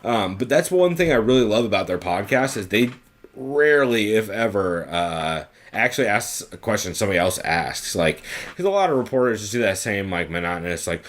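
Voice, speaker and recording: A man's voice: on the low side, big pitch swings, brisk. A man co-hosting a podcast in casual chat, loose and profane, rambling with lots of fillers. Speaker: podcast co-host.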